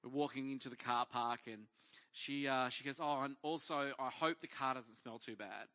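A man's voice: medium pitch, fairly even intonation, normal speed, bright, forceful tone. A middle-aged man, a pastor telling a story in a sermon and acting out the voices of the people in it.

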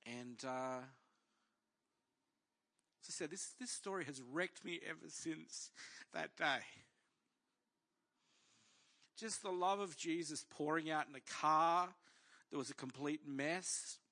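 A man's voice: fairly high pitch, a little slow, sharp tone. A middle-aged man, a pastor telling a story in a sermon and acting out the voices of the people in it.

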